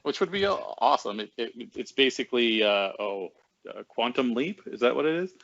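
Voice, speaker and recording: A man's voice: medium pitch, animated, a little fast, a bit bright, no echo. A man co-hosting a casual podcast chat, laughing easily and hesitating with ums and restarts. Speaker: podcast co-host. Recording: dry, dull lo-fi home recording.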